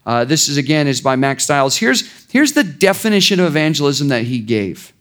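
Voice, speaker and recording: A man's voice: a little high, big pitch swings, fairly quick, fairly bright tone. A man preaching a sermon in an informal, conversational way, with sarcastic asides and frequent restarts. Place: church.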